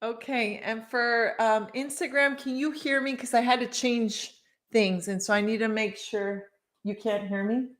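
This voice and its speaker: A middle-aged woman reading her own book on a live stream and chatting warmly with viewers between passages. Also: a little high, steady tone, a little slow. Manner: warm, gushing, chats with viewers between passages.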